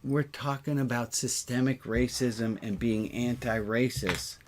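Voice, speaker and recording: Man, rabbi, livestream host, slow deliberate talk, earnest, emotional, thinks out loud. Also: mid-range voice, fairly even intonation, a little hiss or hum. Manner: emotional, earnest, swears at times; thinks aloud, counting and pointing at a map.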